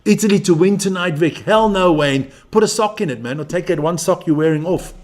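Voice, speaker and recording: A man with a high-pitched voice talks briskly while hosting a live stream of a rugby match he's watching. He's brash and profane, joking, swearing and bantering with viewers and with people in the room.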